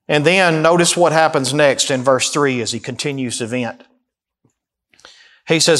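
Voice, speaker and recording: High-voiced preacher guy, gets loud then drops way down, acting out the psalm. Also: fairly even intonation, normal speed. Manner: impassioned, rising to near-shouts and dropping low; acts out the psalmist's cries in first person. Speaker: pastor. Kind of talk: sermon.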